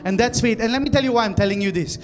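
A man from Malaysia preaching a sermon, telling an animated story with many repeated phrases that builds to fervent exclamations. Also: high-pitched, racing, soft background music. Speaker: pastor.

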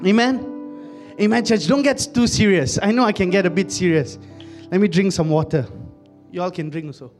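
Dude preaching, jokey and loose, kinda high voice, stumbles and repeats words. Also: male voice, normal speed, faint music behind. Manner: humorous, conversational, repeats words. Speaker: pastor. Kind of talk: sermon.

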